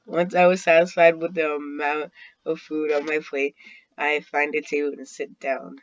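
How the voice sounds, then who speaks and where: A man's voice: a little high, flat delivery, moderate pace, muffled recording. A man casually reading a fan-fiction story aloud, often breaking off to laugh.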